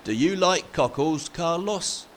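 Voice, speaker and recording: A man's voice: on the high side, animated, slow, a little hiss or hum, pitched above the performer's own voice. A man voicing a friendly, smiling fishing boat captain who speaks kindly and helpfully.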